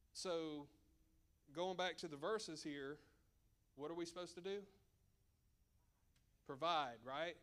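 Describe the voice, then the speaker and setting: A man's voice: fairly high pitch, a bit bright. A man presenting at a church seminar as a financial advisor, conversational and emphatic with joking asides.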